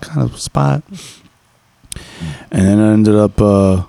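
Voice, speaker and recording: A man with a low, deeply gravelly voice, recounting a story in a loose, profane, rambling way. His talk is full of fillers, and the sound is dry and close. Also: slow pace, dark tone, dry recording. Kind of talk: casual storytelling chat.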